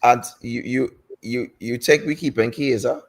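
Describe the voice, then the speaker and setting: A man co-hosting a football fan stream, talking casually in halting, rambling sentences. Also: mid-range voice. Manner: rambling, halting, with many fillers and restarts.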